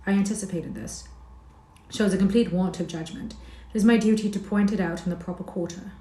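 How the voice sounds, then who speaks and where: A woman's voice: mid-range voice, fairly even intonation, a little fast, mellow, lightly acted. A woman reading the lines of a self-serving colonial station manager, prim and calculating. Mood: scheming. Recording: roomy echo.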